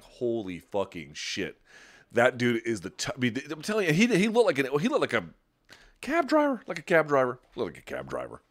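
A man hosting a podcast, telling stories and chatting casually with a rambling, profane, animated delivery. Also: on the low side. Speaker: podcast host. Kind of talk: casual chat and storytelling.

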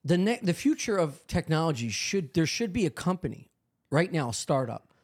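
A man's voice: on the high side, very animated, normal speed. A man co-hosting a comedy podcast, rambling in crude, joking chat. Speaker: podcast co-host.

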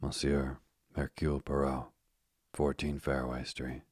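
A man's voice: a bass voice, measured pace, no echo, clean studio sound. A man doing a dazed stranger, mechanical. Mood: vacant. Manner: flat, mechanical repetition. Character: dazed exhausted male stranger, speaking mechanically.

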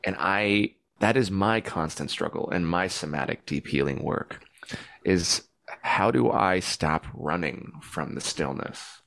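A man in his forties speaks as a podcast guest, with a somewhat low voice. He talks earnestly and reflectively, leaning into heartfelt points and at times rising into loud pleading. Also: a little slow, vocal fry. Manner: earnest, reflective, bursts into loud pleading when recounting prayers. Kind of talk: heartfelt conversation.

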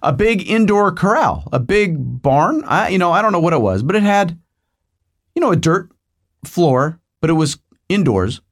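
Middle-aged man, podcast monologue, bouncy pitch, fairly high voice, digressive and comic. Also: normal speed. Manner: animated, digressive storytelling with asides to the listener. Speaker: podcast host.

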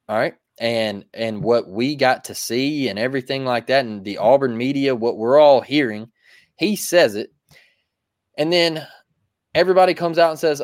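A man co-hosting a sports talk show in a casual, emphatic manner, repeating his points to calm the listeners down. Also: mid-range voice, moderate pace, dry recording, clean studio sound. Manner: emphatic, preachy, repeats phrases. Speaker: podcast co-host.

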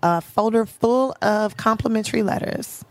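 A woman telling stories in a casual podcast chat, playful and animated, and slipping into other people's voices. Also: on the high side, normal speed, no room sound. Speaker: comedian guest.

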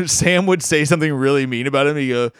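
An enthusiastic man hosts a casual podcast chat, rambling and restarting his sentences as he goes. His voice sits on the high side and moves a little fast, with a clear, resonant tone. The recording is dry and clean, with a studio sound.

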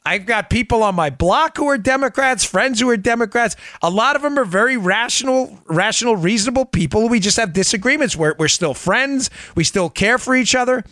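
A man delivers political commentary with big swings of pitch, leaning hard on his points. His voice sits high and lively. The sound is dry and close, with no room around it. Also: a little fast, few pauses, no echo. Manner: animated, emphatic, laughs often. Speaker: podcast host.

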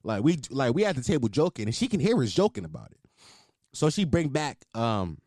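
A man in his twenties telling a story casually, animated and full of profanity. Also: mid-range voice, fairly quick, no echo, studio quality. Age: 20s. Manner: profane, animated, exaggerated outrage.

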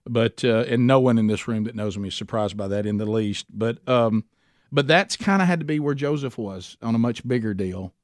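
A man's voice: medium pitch, normal speed, no echo. Middle-aged man, rambling Bible study storyteller, dry close sound. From Alabama. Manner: rambling, self-deprecating, many restarts.

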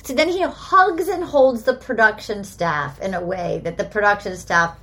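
Animated woman hosting a chatty podcast. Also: medium pitch, moderate pace. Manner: animated storyteller, acting out what people said. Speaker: podcast host. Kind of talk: casual chat recapping a reality show.

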